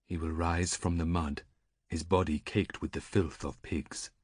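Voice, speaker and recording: Man doing a grim old seer, very deep, soft and slow, dry audiobook sound. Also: fairly even intonation, husky, no room sound. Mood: solemn. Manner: quiet, slow and solemn. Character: old gloomy male seer, reluctant prophet.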